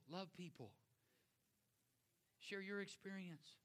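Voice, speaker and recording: Earnest middle-aged man preaching. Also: high voice. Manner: earnest, conversational preaching that drops to soft, slow closing words and prayer. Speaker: pastor. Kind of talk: sermon.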